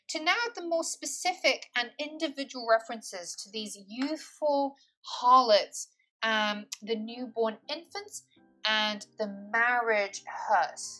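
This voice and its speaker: High, articulate woman teaching poetry. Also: sharp tone. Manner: articulate, precise academic wording; stretches and stresses words to show poetic rhythm. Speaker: literature tutor. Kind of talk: exam-prep poetry analysis lesson.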